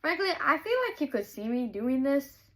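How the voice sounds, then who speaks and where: A woman's voice: high-pitched, very animated, normal speed, fairly bright tone. A young woman vlogging about a book as she reads it, chatty, candid and gushing. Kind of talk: casual chat while reading aloud.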